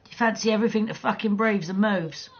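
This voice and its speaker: A woman's voice: mid-range voice, quick pace, muffled recording, noisy background. A woman livestreaming a game, chatting casually with viewers in a blunt, teasing way, swearing freely and laughing often. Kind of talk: casual chat while gaming.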